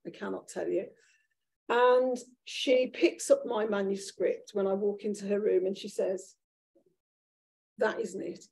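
A woman author at a live event, candidly telling a self-deprecating story from her own life in a lively, conversational way. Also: mid-range voice, unhurried, vocal fry, breathy edge, rough recording. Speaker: author guest at a live talk. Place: event room with an audience.

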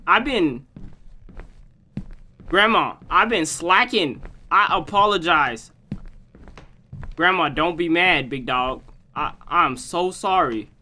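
A young man hosting a gaming channel, joking and trash-talking his way through a horror game, swinging from low mutters to loud yelps. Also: animated, slow pace, pauses often. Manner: joking trash talk at the game's granny. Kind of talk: horror game let's play commentary.

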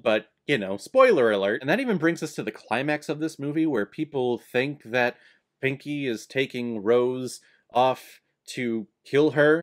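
A young man reviewing an old film in a casual, sarcastic way, swinging between soft asides and loud outbursts. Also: mid-range voice. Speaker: movie reviewer.

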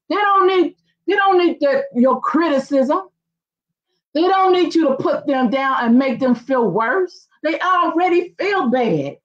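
High, lively woman preaching slowly. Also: highs cut off. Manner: exclamations of hallelujah, rising and falling emphasis. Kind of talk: sermon.

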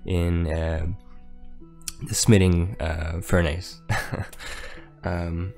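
A man playing a tabletop game, describing his character haltingly with many fillers. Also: sits low, little pitch movement, darkish tone, soft background music. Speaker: player.

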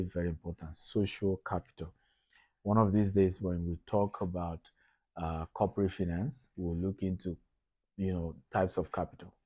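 A man's voice: low-pitched, dark tone, no room sound. A middle-aged man from Nigeria giving a conversational business lecture to entrepreneurs, often repeating his points for emphasis.

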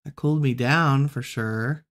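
A woman hosting a relaxed let's-play, musing aloud and chatting to the animals she meets in the game. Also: very deep voice, measured pace. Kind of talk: relaxed gameplay commentary.

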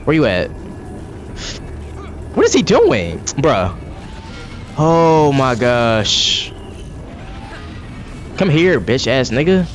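A man narrating his gameplay in a steady mid-range voice that jumps up and down a lot, swearing and griping as he goes. His commentary is loose and exasperated, with faint game music under it. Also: medium pitch, slow, long pauses. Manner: profane, exasperated running commentary. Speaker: gaming streamer.

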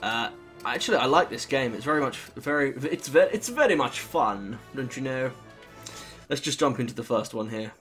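A man's voice: mid-range voice, animated, normal speed, fairly bright tone, faint music behind. A British man rambling casually through let's play commentary, with lots of fillers and the odd swear. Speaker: gaming channel host.

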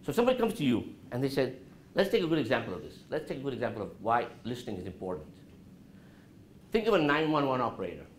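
A man speaks to a college class with a lively, swinging voice, asking the students questions and dropping low and soft to show calm. The sound is roomy, with faint noise in the background. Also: fast talker. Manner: animated, asks the audience questions, drops his voice low to show calm. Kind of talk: interactive talk to students.

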